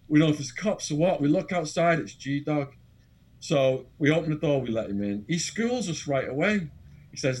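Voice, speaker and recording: A man with an English accent, an interview guest telling an animated, dramatic anecdote full of quoted voices. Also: fairly high pitch, moderate pace, breathy edge. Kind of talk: storytelling anecdote.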